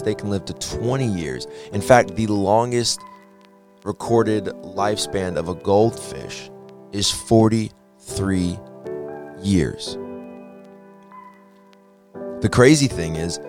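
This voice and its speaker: Deep-voiced young man hosting a faith talk. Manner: relaxed, joking asides, frequent restarts. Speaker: podcast host. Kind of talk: casual faith talk monologue.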